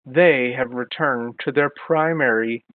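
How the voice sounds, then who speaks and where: A man's voice: medium pitch, takes it slowly, dry recording, lightly acted. Man voicing a bitter old woodsman warlord. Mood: grim. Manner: spoken between axe swings, plain voice, no accent attempted. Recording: phone-like online call.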